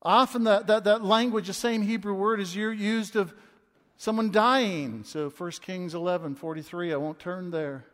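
A man in his twenties preaching a sermon as a pastor, impassioned and swinging from loud to hushed. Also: high-pitched, normal speed. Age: 20s. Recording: long reverb of a large hall.

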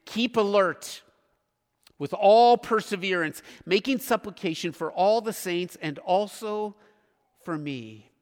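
A man preaching a sermon as pastor, earnest, with emphatic pauses. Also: high-pitched, in a large hall.

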